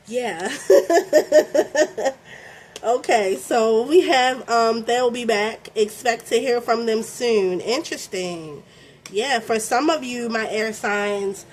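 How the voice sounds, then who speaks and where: A young woman with a Baltimore accent gives a loose, talkative tarot reading. She keeps tagging her lines with "okay?" and drops curse words. Her voice sits a little high, with a faint noise floor under it. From Baltimore, USA. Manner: chatty, frequent "okay?" and fillers, swears freely. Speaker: tarot reader. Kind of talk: casual tarot reading to camera.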